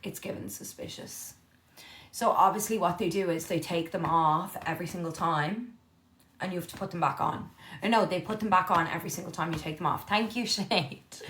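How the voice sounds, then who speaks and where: A young woman chatting casually on a live stream from her living room, reading and answering viewer comments, candid and quick to swear. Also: fairly low pitch, fairly bright tone.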